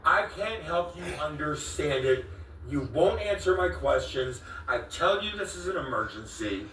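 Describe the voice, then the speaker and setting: A man with a cracking, fairly high voice confronts a friend for his vlog, exasperated and pleading as he asks the same questions repeatedly in a heated on-camera exchange. His intonation is lively, his tone a bit bright and his pace measured, and the distant, slightly off-mic recording has echo and slight background noise.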